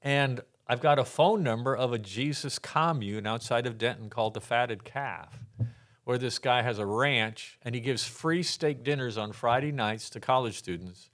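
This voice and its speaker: Older Texan man, lively storyteller. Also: mid-range voice, moderate pace. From Texas. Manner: lively storyteller who acts out the voices in his anecdotes and laughs often. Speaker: podcast guest. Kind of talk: personal faith testimony.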